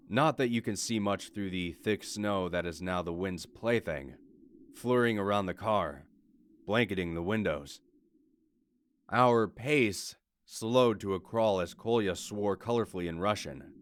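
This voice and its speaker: A man reading a horror story aloud as its narrator, in a measured, steady delivery. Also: sits low. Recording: faint background music.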